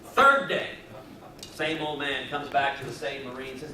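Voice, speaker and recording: A man's voice: mid-range voice, steady tone, a little slow, pushed and bright. A man giving an emphatic, folksy campaign speech at a public event. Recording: echoey room, mic far off, crowd noise.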